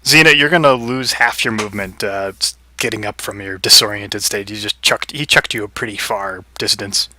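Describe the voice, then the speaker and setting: A man's voice: fairly low pitch, normal speed, hardly any pauses, sharp tone. A man narrating as game master in a tabletop game, easygoing and hesitant, with many fillers.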